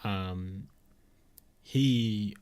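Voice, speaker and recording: Casting: male podcast co-host, lowish voice, loose and profane, casual. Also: drawn-out words, a little mellow, clear, resonant tone. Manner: loose, profane, laughs often. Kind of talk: casual chat.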